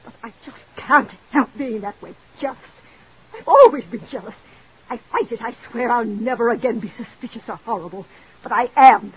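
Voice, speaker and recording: An actress playing a desperate jealous wife. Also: female voice, on the high side, expressive, moderate pace, a little hiss or hum, close to an everyday voice. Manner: pleading, overwrought, breathless. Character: desperate jealous married woman, Mrs. Bradley. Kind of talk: 1940s radio drama acting. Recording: dull old radio recording.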